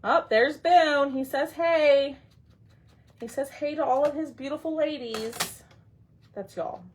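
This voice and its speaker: A woman's voice: high-pitched, a little slow, slight background noise. A woman hosting a casual craft tutorial livestream, chatting with her viewers and her pets while she works.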